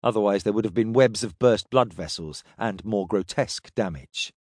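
A man reading a science fiction story aloud in steady, descriptive narration. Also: fairly low pitch, moderate pace, dry recording, studio quality. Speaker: audiobook narrator.

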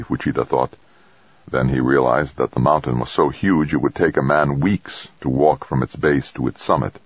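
A man narrating an audiobook in a measured, even storytelling manner. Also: extremely low pitch, slightly rough, no echo, highs cut off. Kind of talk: scripted narration.

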